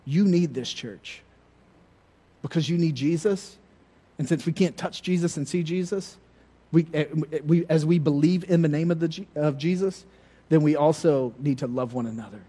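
Mellow-voiced man preaching a sermon. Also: on the high side. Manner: conversational, storytelling preacher with humor. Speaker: pastor.

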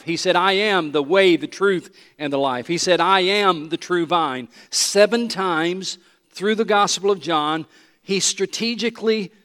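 A man's voice: fairly high pitch, a bit bright. Emphatic male pastor in a reverberant hall. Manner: emphatic, repeats key lines, leads congregation in call-and-response. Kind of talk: sermon. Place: church sanctuary. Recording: long reverb of a large hall.

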